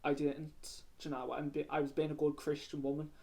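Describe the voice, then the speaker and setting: A woman's voice: sits low, flat delivery, fairly quick, dark tone. A young woman from North Dublin with a Dublin accent, casually telling crude, slangy stories on her vlog. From North Dublin, Ireland. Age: young adult. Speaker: YouTuber. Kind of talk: casual storytelling, reading out viewer stories. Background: music playing.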